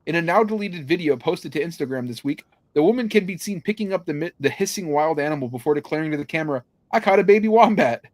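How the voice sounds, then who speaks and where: A man's voice: on the high side, animated, fast, few pauses. A young man co-hosting a podcast, casually reading news stories and listener comments aloud with joking asides. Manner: reads headlines and comments aloud with laughs and asides. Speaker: podcast co-host.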